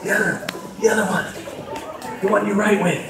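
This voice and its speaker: A man's voice: high voice, steady tone, a little fast, vocal fry, background noise. A man DJ hosting a dance party game for kids, joking and teasing the crowd as he calls out commands. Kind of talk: playful crowd hosting on a mic. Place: outdoor public event space. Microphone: handheld mic over a PA system. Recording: far-off echoey PA sound with loud crowd ambience.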